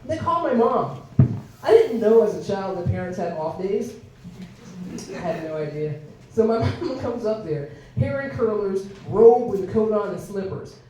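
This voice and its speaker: A woman's voice: medium pitch, normal speed, slight background noise. A woman stand-up comic telling a story, acting out the voices of the people in it. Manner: animated, acts out quoted voices. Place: comedy club stage. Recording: echoey club audio from far off.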